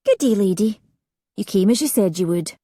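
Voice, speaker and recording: A woman doing a calm, otherworldly young woman. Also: mid-range voice, normal speed, no echo, lightly acted. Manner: calm, matter-of-fact.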